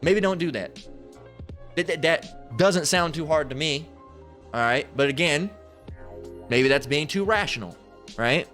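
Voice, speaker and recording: A man's voice: fairly high pitch, a little slow, long pauses, fairly bright tone, faint music behind. A man preaching over a Bible passage in a crude, profane rant. He stammers, restarts often and keeps asking "right?". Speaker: street preacher.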